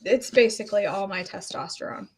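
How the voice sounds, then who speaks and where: A woman's voice: medium pitch, fairly quick, slight background noise. A middle-aged woman chatting casually as a health coach vlogger, rambling and self-deprecating as she talks to her viewers. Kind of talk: casual chat.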